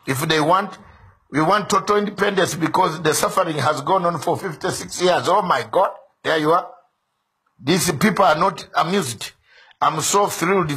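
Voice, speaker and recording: Man, online show host, political commentary, impassioned, rhetorical, high-pitched voice. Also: sharp tone. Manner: impassioned, rhetorical, repeats questions.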